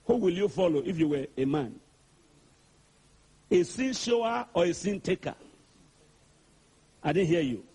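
A male preacher with a very high, husky voice delivers a sermon with lively swings in pitch. He hammers repeated questions at his listeners and calls on them to answer back. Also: a little slow, long pauses. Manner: call-and-response, urging the congregation to answer; repetitive, rhetorical questioning.

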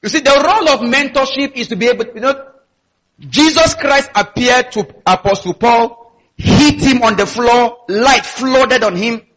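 A pastor preaching with a high, husky voice, throwing call-and-response questions to his congregation. His tone is bright and pressing, and the recording sounds dull and lo-fi. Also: a little slow. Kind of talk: sermon.

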